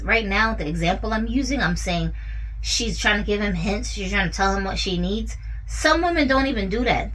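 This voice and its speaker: A woman's voice: medium pitch, a bit bright, rough recording. A woman giving a casual commentary monologue about relationships, talking conversationally and often checking in with her listener. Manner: conversational, often asks "you know what I'm saying?".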